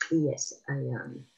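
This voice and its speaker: A middle-aged woman from Provence with a Southern French accent, speaking French as her first language and telling stories as an interview guest with a reflective, unhurried manner and frequent pauses. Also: a bass voice, creaky, breathy edge. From Provence, France. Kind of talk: casual video interview. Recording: slightly muffled recording.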